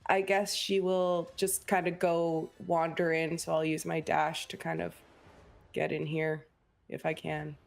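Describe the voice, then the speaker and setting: A woman's voice: deep voice, flat delivery, measured pace, creaky. A woman playing in a tabletop game, answering briefly and matter-of-factly. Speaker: player.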